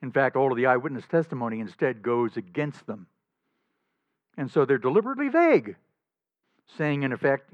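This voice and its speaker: A male pastor preaching a sermon in an emphatic, animated way, often chuckling between points. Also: mid-range voice, a little fast, pauses often, dry recording. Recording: slightly dull dry recording.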